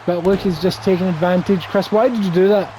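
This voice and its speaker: A man's voice: high voice, fairly even intonation, fairly quick, warm tone, a little hiss or hum, rough recording. A man doing play-by-play commentary over a wrestling video game, with wry, teasing banter.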